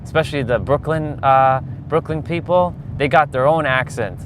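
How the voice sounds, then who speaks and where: A man's voice: a little high, moderate pace, noisy background. A man in his forties chatting casually to viewers while he drives through city streets, rambling from one thought to the next. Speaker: vlogger. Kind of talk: casual live-stream chat while driving.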